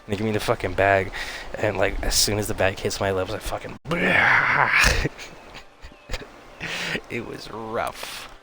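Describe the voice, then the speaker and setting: A man with a low, gravelly voice tells a story on his live stream in loose, profanity-filled talk. He acts out the moments as he goes, his voice jumping up into yelps. A steady hiss runs under the recording. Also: a little fast. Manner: profane, animated retelling with mimicked yelps.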